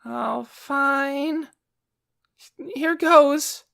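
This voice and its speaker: A man voicing a timid, stammering young dark elf boy in an audiobook. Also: very high voice, drawn-out words, gravelly, voice pushed up, full character voice. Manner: stammering, hesitant. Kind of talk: audiobook character voice.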